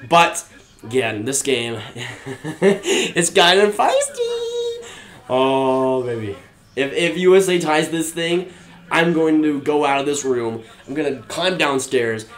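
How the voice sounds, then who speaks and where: A young man live streams a watch-along, excitable and swinging between low muttered remarks and bursts of shouting and laughter.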